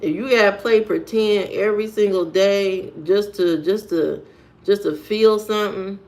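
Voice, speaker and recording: A woman's voice: mid-range voice, a little slow, darkish tone. A woman vlogger giving a blunt, preachy monologue and firing off rhetorical questions. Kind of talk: preachy straight-to-camera monologue.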